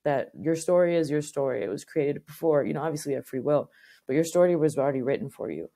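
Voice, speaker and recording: A woman's voice: deep voice, quick pace, mellow. A woman co-hosting a podcast, speaking in a thoughtful, reflective casual way. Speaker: podcast co-host. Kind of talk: casual chat.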